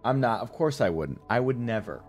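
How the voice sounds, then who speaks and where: A man's voice: medium pitch, expressive, a little fast, darkish tone, faint music behind. A man streaming live, chatting to his viewers in a joking, profane way while testing a voice changer. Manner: joking, profane, addresses chat directly. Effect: voice changer being tested. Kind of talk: casual livestream chat.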